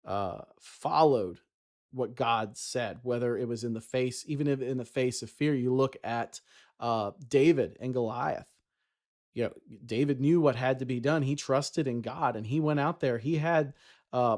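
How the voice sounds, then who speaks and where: A man's voice: medium pitch, a little mellow. Casual man sharing a devotional. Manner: conversational, many fillers and restarts. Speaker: Christian vlogger.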